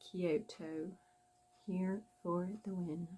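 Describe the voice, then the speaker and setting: A middle-aged woman talking through her makeup in a casual vlog, blunt and cheerfully profane. Her voice sits on the low side, and she takes her time with every phrase. She is quick to laugh at herself. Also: level tone, mellow, husky. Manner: blunt, profane, self-mocking. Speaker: makeup vlogger. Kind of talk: casual makeup tutorial chat.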